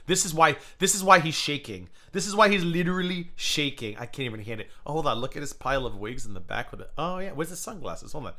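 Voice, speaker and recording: A man hosts a casual livestream, commenting on clips with a teasing, gossipy edge. His voice sits fairly high and swings widely in pitch. It rings bright and lively. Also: quick pace, few pauses. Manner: gossipy, mocking, laughs a lot. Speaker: livestream host reacting to clips.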